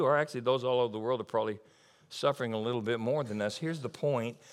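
A man preaching a sermon in an emphatic, lively way, repeating key lines and adding asides. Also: medium pitch, quick pace. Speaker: pastor.

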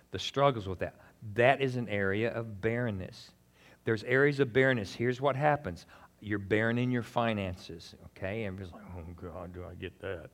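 A man preaching with a slightly low voice, chatting with his congregation between points. He pushes hard on some lines and drops to a near hush on others, with plenty of asides and folksy turns of phrase. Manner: swings between emphatic and quiet, intimate delivery. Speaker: pastor. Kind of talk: sermon.

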